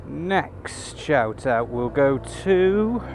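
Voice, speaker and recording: Here the motorcycle vlogger sounds a little high and very animated, stretching out his words with a darkish tone. He chats casually into his helmet camera mic while riding in city traffic, swearing liberally and making wry remarks, over road and engine noise.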